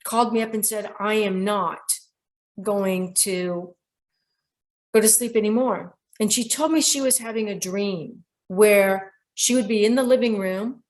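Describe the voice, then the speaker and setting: A middle-aged woman hosting a show about dreams, telling a client's story in a lively way and quoting people directly. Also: medium pitch. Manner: animated storyteller who quotes people directly. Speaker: radio show host and dream interpreter. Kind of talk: storytelling monologue.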